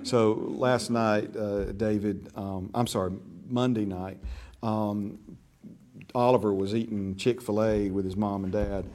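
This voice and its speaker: A man's voice: lowish voice, steady tone, measured pace, a little mellow, a little hiss or hum. Folksy man teaching a church class. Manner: checks in often with "right?" and "okay?"; folksy, with frequent restarts and repeated words.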